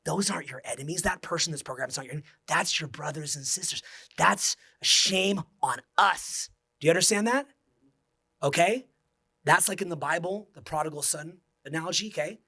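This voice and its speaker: A man's voice: on the high side, a little fast, bright, forceful tone, breathy edge. A man in his forties, a social skills coach, giving an intense, profane motivational speech that drops to near-whispers. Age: 40s.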